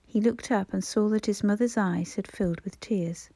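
Woman audiobook narrator, soft and hushed, warm dark tone. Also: mid-range voice, fairly even intonation, moderate pace, no echo. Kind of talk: scripted narration.

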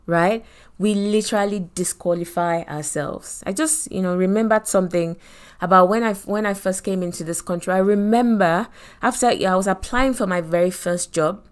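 A middle-aged Nigerian woman with a Nigerian accent, a podcast host and Christian speaker, tells a personal story in a motivational faith talk. She's animated, full of asides and repeated phrases, with a medium pitch and normal speed.

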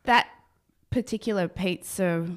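A woman co-hosting breakfast radio, chiming in with quick agreeing remarks in casual chat. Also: mid-range voice. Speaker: radio co-host.

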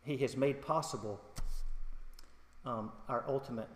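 A man's voice: medium pitch, a little slow. A middle-aged male pastor giving a conversational sermon with humor, personal stories and questions to the congregation. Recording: echoey hall.

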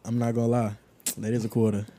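Brief: young New man, loose slangy co-host, mid-pitched. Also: little pitch movement, quick pace, dark tone. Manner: slangy, swears freely, rambling restarts. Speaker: podcast co-host. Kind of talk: casual chat.

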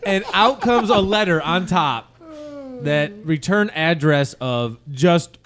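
A man co-hosting a casual podcast, excitable, laughing often and swearing as he tells a story. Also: on the high side, slow. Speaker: podcast co-host.

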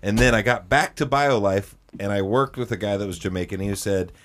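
A young man hosting a podcast, telling a story in a casual, animated way, swearing and jumping into high voices for quotes. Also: a little fast. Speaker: podcast host.

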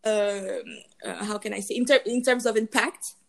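A woman with a French accent, a guest in a casual interview, telling animated stories with many restarts. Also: medium pitch, normal speed, creaky. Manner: animated storyteller, quotes others, many restarts. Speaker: guest, luxury beauty executive.

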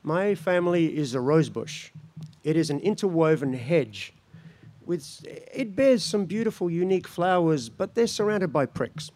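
Slow-speaking man telling his heritage. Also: fairly high pitch, expressive, a little mellow, no room sound. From Australia. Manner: slow, reflective, laughs between phrases. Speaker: speaker at a gathering. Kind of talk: personal spoken-word talk.

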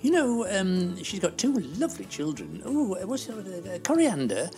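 A woman's voice: mid-range voice, big pitch swings, moderate pace, music in the background, close to an everyday voice. A woman playing a gossipy, bossy older lady who muddles her words and scolds the host. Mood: rambling. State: out of breath.

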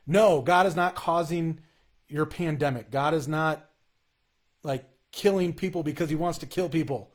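A man in a casual, earnest conversation about faith, talking in halting bursts with frequent restarts. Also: fairly high pitch.

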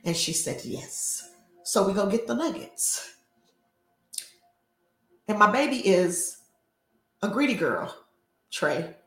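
A woman's voice: mid-range voice, big pitch swings, slow pace, pauses often, a bit bright, soft background music. An older woman hosting a faith talk show, preaching and telling stories in a conversational way. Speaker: host and life coach. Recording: roomy echo.

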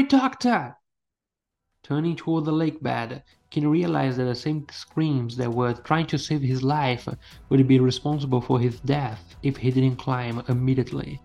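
A man reading a first-person adventure story in a steady storytelling manner. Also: mid-range voice. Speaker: narrator. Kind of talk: scripted story narration.

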